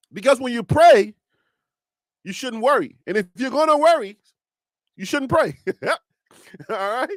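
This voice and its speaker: A man with a Liberian accent hosts a casual sports talk stream with a fairly high voice. He talks straight to his viewers, animated and quick to laugh. The sound is close and dry. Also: no echo. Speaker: host.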